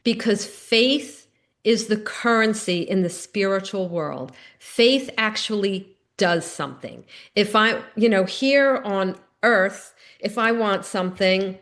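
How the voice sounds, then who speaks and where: A woman's voice: medium pitch, takes it slowly, fairly bright tone. A middle-aged woman giving a recovery meeting talk, telling personal stories in an earnest, conversational way.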